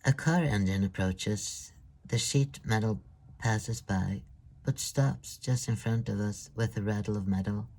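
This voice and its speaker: A man narrating a first-person novel at a very slow, measured pace. His tone is dark and mellow. He sometimes halts and restarts phrases. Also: on the low side, vocal fry. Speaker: audiobook narrator. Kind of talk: scripted narration.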